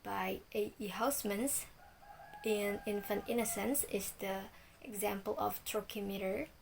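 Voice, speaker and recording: A woman's voice: mid-range voice, steady tone, unhurried, creaky, slight background noise, low-quality recording. A young woman with a Balinese Indonesian accent reading a student presentation from a script, with a few slips. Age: young adult. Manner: reads from a script with some slips.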